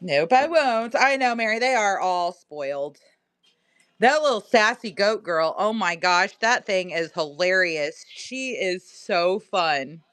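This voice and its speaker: A woman's voice: mid-range voice, expressive, takes it slowly, fairly bright tone, clear, resonant tone, dry recording. A woman hosting a casual live-stream sale from home. She is chatty, laughs a lot, and talks to both her viewers and her pet. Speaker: live-stream seller and host.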